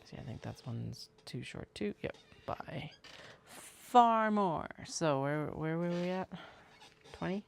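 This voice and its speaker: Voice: medium pitch, very animated, takes it slowly, vocal fry, slight background noise. A craft maker chatting casually on a livestream, muttering to themself and counting pieces aloud while working.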